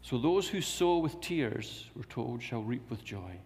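A man's voice: mid-range voice, animated, measured pace, a little mellow. A man preaching a sermon in a church, repeating key phrases and asking rhetorical questions. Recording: long reverb of a large hall.

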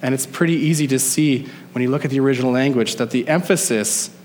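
A male pastor preaching a sermon, emphatic, slowing down to stress key phrases. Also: mid-range voice, a little mellow, in a large hall, a little hiss or hum. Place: church sanctuary.

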